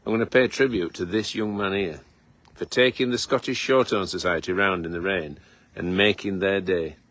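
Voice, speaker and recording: A man's voice: sits low, normal speed, a bit bright. A middle-aged man, hosting a casual live walkabout outdoors on his farm, chatty and teasing with lots of fillers, filmed on a phone. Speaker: farmer and host. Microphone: phone camera held by someone nearby.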